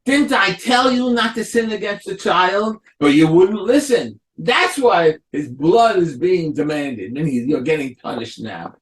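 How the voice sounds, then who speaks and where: A man's voice: high-pitched, lively intonation, unhurried, few pauses, echoey room, distant mic. A man voicing a defensive biblical elder brother who blames the others. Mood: blaming. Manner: blaming, self-righteous.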